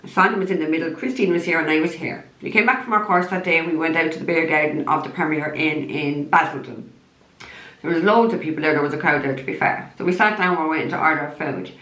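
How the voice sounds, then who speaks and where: A woman's voice: low-pitched, fast, fairly bright tone. An Irish woman, a psychic medium, ranting bluntly to camera, swearing heavily in a heated tone. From Ireland. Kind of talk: angry direct-to-camera rant. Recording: roomy echo.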